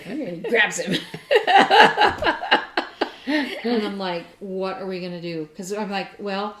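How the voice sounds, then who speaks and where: A woman co-hosting a casual chat, telling an animated story and laughing often. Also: mid-range voice, takes it slowly, pauses often. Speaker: podcast co-host. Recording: roomy echo.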